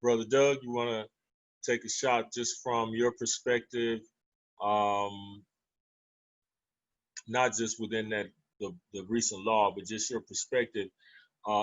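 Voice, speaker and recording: A man's voice: medium pitch, a bit bright, highs cut off. A man moderating a panel discussion who addresses each guest as brother and answers with short affirmations.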